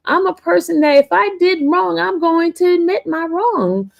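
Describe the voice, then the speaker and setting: A livestream host talks defensively to her viewers in casual chat, laughing often and calling them y'all. Her very high-pitched, creaky voice is animated, at a moderate pace with few pauses.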